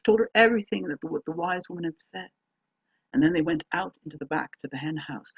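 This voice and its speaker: A woman telling a folk tale aloud, dramatic, moving between hushed and emphatic delivery. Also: low voice, slightly rough, no room sound, lo-fi sound. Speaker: storyteller. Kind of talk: oral folk-tale storytelling.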